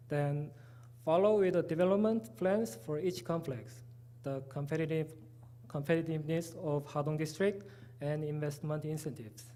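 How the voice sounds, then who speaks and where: A man with a Korean accent giving a conference presentation, halting at times and restarting words. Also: fairly high pitch, warm tone. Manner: halting, restarts words, plain informal asides.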